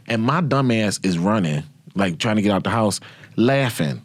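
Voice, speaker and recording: A man hosting his own podcast, telling profane, animated stories about his past and laughing often. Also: fairly low pitch, moderate pace, no room sound. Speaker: podcast host. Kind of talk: casual storytelling.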